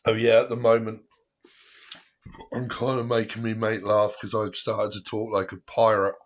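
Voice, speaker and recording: A man's voice: on the low side, flat delivery, normal speed. A man hosting a live tarot stream in a casual, chatty way, often breaking into laughter.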